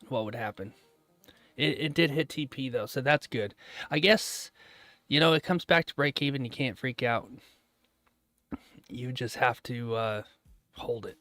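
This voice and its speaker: A man's voice: mid-range voice, dry recording. Casual man chatting on a live stream. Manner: chatty, reads and answers viewer chat aloud; relaxed, laughs often, trails off mid-thought. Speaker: day-trading livestreamer.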